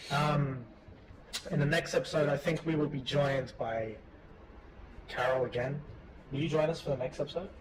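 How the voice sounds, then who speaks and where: British man in slow casual chat. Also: a little high, fairly even intonation. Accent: British English. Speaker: English school teacher and podcast host. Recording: noisy room recording.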